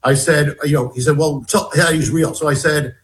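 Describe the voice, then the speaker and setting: A man's voice: fairly high pitch, steady tone, normal speed. A man being interviewed, telling a story at length in a rambling way, full of restarts and stumbles. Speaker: guest author.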